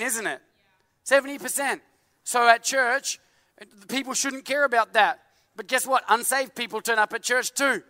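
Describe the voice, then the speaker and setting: Jokey preacher guy in his 30s, high voice, long hall echo. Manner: animated, jokey, many filler likes. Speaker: pastor. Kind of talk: sermon. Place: church.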